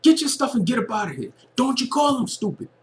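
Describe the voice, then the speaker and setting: A man's voice: sing-song, quick pace, slight background noise. A man voicing an angry grown man who is defending his friend and throwing a woman out. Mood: furious. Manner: shouting commands, high and loud.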